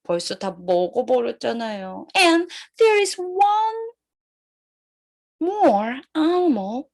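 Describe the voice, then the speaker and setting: A young woman kindergarten teacher, telling a farm-animal story to small children in an animated, sing-song way with exaggerated gasps. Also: high voice, brisk. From South Korea.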